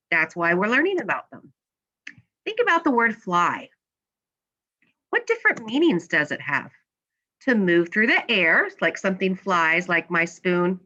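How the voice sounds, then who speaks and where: A woman teacher walks her class through a slideshow lesson. She asks questions and then patiently answers them herself, in a bright, ringing voice. The recording sounds slightly muffled and dull. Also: mid-range voice.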